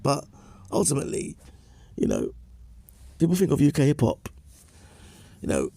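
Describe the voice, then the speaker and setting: A man's voice: medium pitch, wildly swooping pitch, moderate pace, vocal fry, long pauses, dark tone, no echo. A man giving opinion commentary in a lecturing way, restating points and tagging them with "yeah?" and "okay?". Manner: emphatic, restates points for effect.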